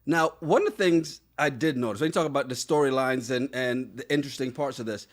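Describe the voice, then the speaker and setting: A man's voice: mid-range voice, brisk. A man in his thirties co-hosting a casual podcast chat, teasing his partner and reading out viewer comments. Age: 30s. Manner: teasing, playful questioning. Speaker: podcast co-host.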